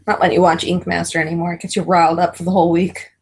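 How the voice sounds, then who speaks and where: A woman's voice: lowish voice, rapid-fire, breathy edge. A middle-aged woman co-hosting a casual chat about reality TV, telling stories with lots of laughter. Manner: giggly, animated storytelling. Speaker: co-host.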